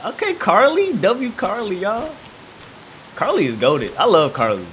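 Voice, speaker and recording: Excitable male gamer over noisy hiss. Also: high voice, a little slow. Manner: excited, reacts loudly, talks along with game characters. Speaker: gaming streamer. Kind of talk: let's play commentary.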